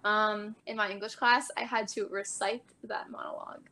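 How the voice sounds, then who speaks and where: A woman's voice: medium pitch, level tone, moderate pace, sharp tone, slight background noise, poor audio. A young woman co-hosting a podcast in casual chat, giggly and upbeat. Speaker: podcast co-host.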